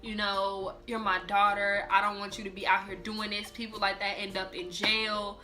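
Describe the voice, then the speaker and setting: A woman's voice: mid-range voice, level tone, normal speed, sharp tone, faint music behind, lightly acted. A woman playing a stern scolding mother. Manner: scolding, accusing. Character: stern, disappointed mother scolding her daughter.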